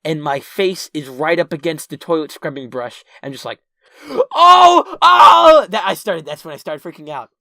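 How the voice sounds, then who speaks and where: A man's voice: fairly high pitch, brisk, hardly any pauses, no room sound, studio quality. A man telling a personal story to camera in a casual way, rambling with restarts and "right?" asides, and acting out his own panic. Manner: animated, acts out his own panicked past self. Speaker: channel's featured storyteller.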